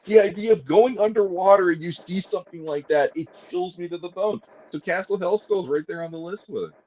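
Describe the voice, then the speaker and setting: A man's voice: sits high, brisk, darkish tone, muffled recording. A man chatting casually as a podcast co-host, telling rambling, self-mocking stories and laughing often. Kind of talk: casual chat.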